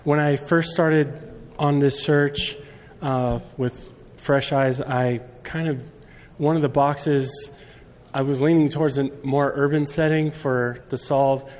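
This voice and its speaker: A man's voice: medium pitch, steady tone, slow pace, darkish tone. A man in the audience asking a hesitant question full of fillers. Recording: echoey hall, faint background noise.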